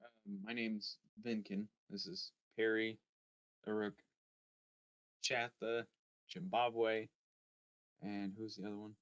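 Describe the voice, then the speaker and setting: A man playing a tabletop game, speaking in a hesitant, halting way. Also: lowish voice, level tone, a bit bright. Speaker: player. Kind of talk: tabletop role-play, in character.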